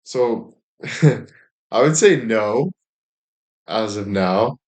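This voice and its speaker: Guy streaming, kinda low voice, rambly and cussing a lot, super casual. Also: animated, extremely slow. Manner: rambling, profane, with lots of filler words. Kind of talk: casual chat.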